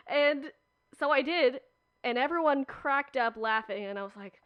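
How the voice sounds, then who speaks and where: Chatty young woman, smooth voice. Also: on the high side, brisk, dry recording. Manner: chatty, animated storytelling with frequent "like". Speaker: podcast guest. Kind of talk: casual chat.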